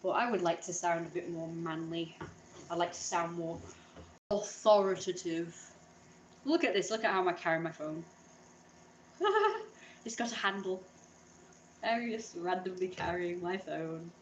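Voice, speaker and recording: A woman's voice: lowish voice, measured pace, pauses often, a little hiss or hum. A woman chatting casually in a vlog, rambling and self-deprecating. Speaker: vlogger.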